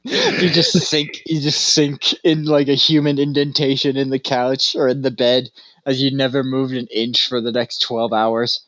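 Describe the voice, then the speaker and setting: A podcast co-host chats casually in a medium-pitched, slightly bright voice with fairly even intonation and a measured pace. He's a loose, rambling storyteller who laughs a lot, heard in a dry, somewhat dull recording without room sound.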